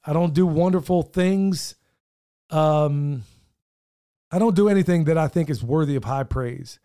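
A man's voice: on the high side, a little slow, mellow, clear, resonant tone. A middle-aged man, co-hosting a podcast in earnest, rambling casual chat, his voice wearing thin. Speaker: podcast co-host.

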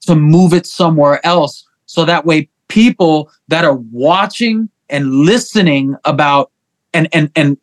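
A middle-aged man telling stories as a guest on an interview show, animated and profane. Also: fairly high pitch. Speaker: guest musician. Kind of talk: casual interview chat.

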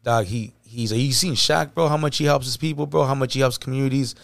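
Fast-talking animated man telling stories. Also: medium pitch, gravelly, dry recording. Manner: animated storytelling, acts out quotes, profane. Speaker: podcast co-host. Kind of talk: casual chat.

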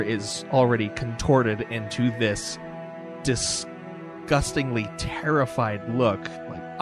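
A man narrating a tabletop game as game master, describing scenes vividly with casual fillers. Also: fairly low pitch.

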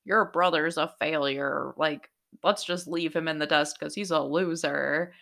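A woman's voice: sits low, steady tone, measured pace, gravelly, fairly bright tone, full character voice. A woman mimicking a dismissive father who scorns his son, in close to her own voice. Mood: scornful.

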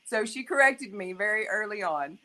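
A woman's voice: mid-range voice, expressive, normal speed, pushed and bright. A middle-aged woman from Arkansas, a singer chatting as an interview guest in a friendly way. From Arkansas, USA. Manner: friendly, chatty, laughs easily. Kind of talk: interview answers.

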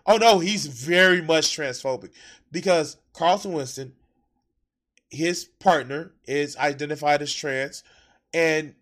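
A man with a slightly raised voice chats loosely and heatedly as he reacts to clips. He swears freely and laughs often. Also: a little high. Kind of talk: casual chat.

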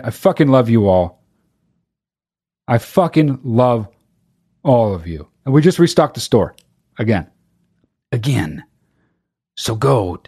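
A man's voice: mid-range voice, husky. A man hosting a solo podcast, rambling in casual talk and swearing freely. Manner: rapid, profane, rambling. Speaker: podcast host.

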